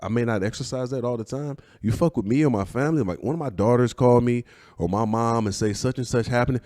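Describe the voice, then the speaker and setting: A man hosting a podcast in casual chat, blunt and profane, with quick agreeing fillers. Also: mid-range voice, dark tone, dry recording, studio quality. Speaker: podcast host.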